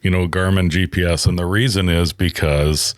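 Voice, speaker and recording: A man co-hosting a podcast, telling a travel story in relaxed, wry casual chat with asides. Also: sits low, moderate pace, no echo, studio quality. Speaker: podcast co-host.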